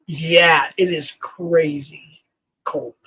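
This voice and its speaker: A man with a notably high voice hosts a livestream in a dry, close sound. He rambles warmly through thanks to viewers, leaning on fillers and quick laughs as he goes. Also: steady tone, husky, dry recording, low-quality recording. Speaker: livestream host. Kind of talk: casual livestream chat.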